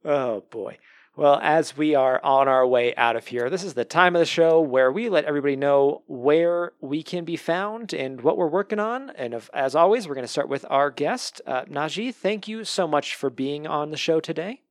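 A man's voice: a little high, moderate pace, no room sound, clean studio sound. A man hosting a podcast in casual chat, upbeat and joking with his guests. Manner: jokey and upbeat. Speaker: podcast host.

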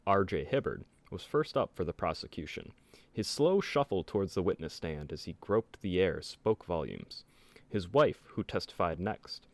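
A man hosting a casual podcast, reading out a history story in an animated way. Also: dry recording. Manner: animated storytelling with lively pitch. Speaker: podcast host.

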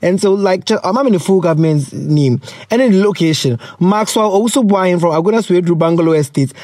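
A man's voice: sits high, expressive, fairly quick, darkish tone, dry recording, studio quality. A man in his thirties hosting a casual chat show, playful and chatty, mixing in local slang. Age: 30s. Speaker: podcast host.

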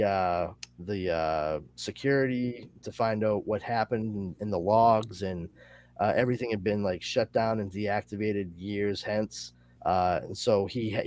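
A male podcast host chatting casually, summarizing a comic in a rambling, animated way with lots of fillers. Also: fairly low pitch. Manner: rambling and animated, with many fillers and excited asides.

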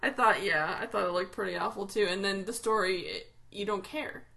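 A woman co-hosting a casual podcast chat, rambling and pausing often with ums. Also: mid-range voice, vocal fry, sharp tone. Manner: rambling, hesitant with many ums. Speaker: podcast co-host.

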